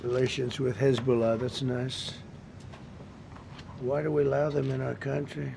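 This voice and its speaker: A man's voice: medium pitch, flat delivery, measured pace, vocal fry, noisy background. A man in his seventies giving off-the-cuff remarks at a press briefing in a government briefing room, blunt and repetitive, with rambling asides, into a podium microphone. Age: 70s.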